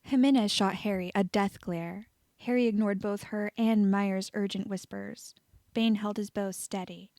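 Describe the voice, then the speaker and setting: A woman reading fan fiction aloud as an audiobook narrator, steady and even. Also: medium pitch, a little slow, no room sound, studio quality. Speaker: audiobook reader.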